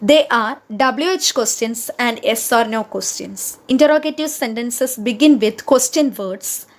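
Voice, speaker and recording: A woman's voice: on the high side, measured pace. A woman teaching a grammar lesson, spelling out each example word by word. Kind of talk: slow, deliberate grammar lesson.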